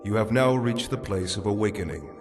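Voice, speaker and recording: A serene otherworldly guide at the gate of the afterlife, speaking calmly and philosophically. His voice sits on the low side. Clear music runs beneath every line. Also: fairly quick. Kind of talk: dubbed drama dialogue.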